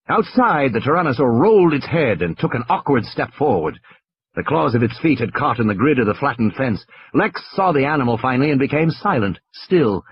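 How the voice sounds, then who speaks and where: A man's voice: mid-range voice, big pitch swings, brisk, slightly rough, dull audio. A man narrating an audiobook with a tense, dramatic delivery.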